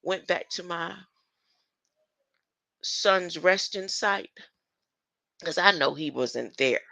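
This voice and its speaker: Slow, creaky woman livestreaming. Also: fairly low pitch, sharp tone, no echo, low-quality recording. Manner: rambling, keeps asking "huh?". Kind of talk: casual livestream talk to chat.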